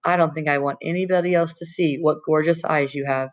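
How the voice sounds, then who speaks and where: A woman voicing a kind teenage boy who talks gently and reassuringly. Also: deep voice, steady tone, brisk, muffled recording, natural voice. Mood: gentle.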